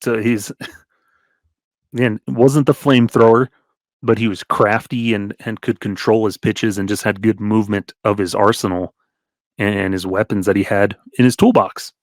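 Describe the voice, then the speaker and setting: A man's voice: fairly low pitch, steady tone, moderate pace, dry recording, studio quality. A man co-hosting a casual sports podcast, reeling off statistics and chuckling often. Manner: reels off stats, chuckles often. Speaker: podcast co-host.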